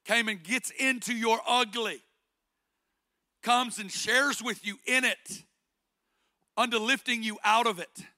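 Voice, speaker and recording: A man's voice: high-pitched, pushed and bright. A man preaching a sermon with passion, asking rhetorical questions and building through repeated phrases.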